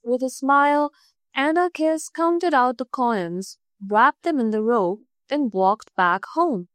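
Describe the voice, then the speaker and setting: A woman narrating a folk tale in a measured, expressive storybook reading. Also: high-pitched, no room sound.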